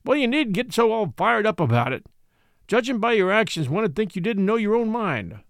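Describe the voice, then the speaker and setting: A man's voice: high voice, sing-song, a little fast, no room sound. A man voicing a dry, wry middle-aged dog musher who needles his companion innocently.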